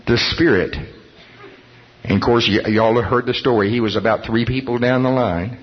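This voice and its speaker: Animated storytelling preacher man, husky. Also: mid-range voice, moderate pace. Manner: animated, chuckling, acts out voices in stories. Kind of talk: storytelling sermon. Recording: dull lo-fi sermon recording.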